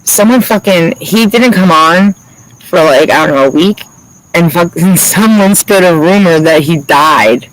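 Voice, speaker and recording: A man's voice: fairly high pitch, measured pace, fairly bright tone, poor audio. A man chatting casually to viewers on a livestream, rambling and swearing freely, laughing often.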